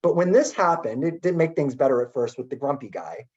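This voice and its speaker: A middle-aged man telling a story in a webinar talk as keynote speaker, chatty and animated with many filler words. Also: mid-range voice, brisk. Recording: dull lo-fi webinar audio.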